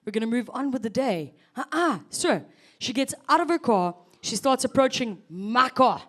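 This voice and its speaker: A woman's voice: fairly high pitch, expressive, normal speed, a bit bright. A South African woman in her thirties performing a chatty stand-up set, teasing the audience. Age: 30s. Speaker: stand-up comedian.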